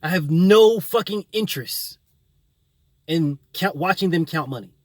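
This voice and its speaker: A man's voice: a little high, lively intonation, unhurried, no echo. A man hosting his own boxing channel, delivering a combative, profane opinion rant full of repetition.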